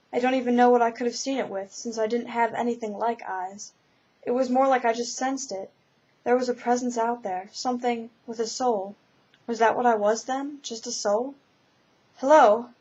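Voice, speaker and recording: A woman reading her own first-person ghost story in an earnest, steady amateur style, on a slightly dull lo-fi recording. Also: on the high side, slightly rough. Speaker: narrator.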